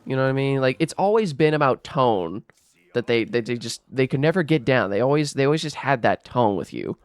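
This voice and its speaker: Young man, casual gaming storytime rant, aggrieved, swearing, mid-pitched voice, dry close sound. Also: animated, a little fast, clean tone, no room sound. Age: young adult. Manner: rambling and aggrieved, swearing, full of restarts and "bro". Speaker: gaming vlogger.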